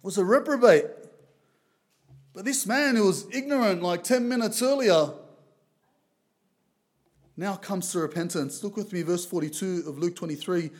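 A man from Lebanon preaching a sermon as a visiting preacher, reading scripture aloud in a loud, earnest way. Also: sits high, normal speed, pauses often. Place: church.

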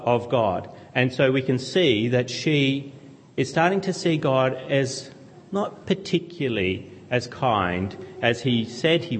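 A man preaching a sermon, teaching earnestly and asking his listeners questions as he goes. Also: mid-range voice. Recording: long hall reverb.

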